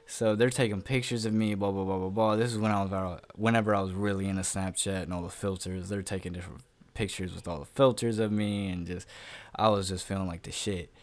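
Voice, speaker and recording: A man's voice: low voice, fairly even intonation, a little fast, dry recording. Rambling young man telling a storytime. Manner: rambling, filler-heavy, swears casually, laughs at himself. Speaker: YouTuber telling a personal story. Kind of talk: casual storytime vlog. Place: at home.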